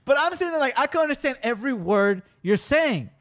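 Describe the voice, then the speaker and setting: A man hosting a podcast, telling stories in a casual, animated way with rapid bursts of speech. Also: very high-pitched. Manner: animated storyteller, rapid bursts, swears freely. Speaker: podcast host. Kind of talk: casual chat.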